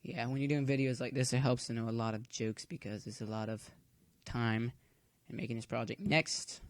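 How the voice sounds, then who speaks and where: A man with a medium-pitched voice and fairly even intonation speaks at a normal speed while making a casual coding tutorial at home. He's chatty and rambles, cracking corny jokes to fill the waits.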